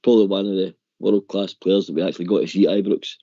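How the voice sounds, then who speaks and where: A man's voice: deep voice, flat delivery, quick pace, dark tone, no room sound. A man calling in to a radio phone-in, chatting earnestly and calling the host "mate" over a dull lo-fi line. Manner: earnest, says "mate" often. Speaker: caller. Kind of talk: casual chat.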